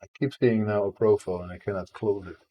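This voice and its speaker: A man with a very deep, low-pitched voice talks casually on a live stream. He rambles a little and keeps up a playful back-and-forth with viewers as he works on his game. His tone stays relaxed and chatty throughout. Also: quick pace. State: tickle in the throat. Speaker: indie game developer streaming.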